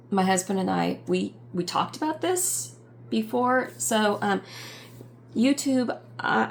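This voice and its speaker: A middle-aged woman giving a personal vlog update, talking in a halting, reflective way with many pauses and fillers. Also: fairly high pitch, vocal fry, slight background noise. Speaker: YouTube channel host.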